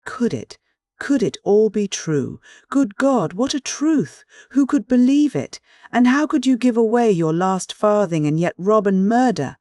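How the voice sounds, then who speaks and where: A reader gives us a timid, pious young woman who cries out in disbelief. Her questions come breathless and high. The sound is close and dry. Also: lively intonation, unhurried, hardly any pauses, dry recording, natural voice. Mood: pleading. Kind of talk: audiobook character dialogue.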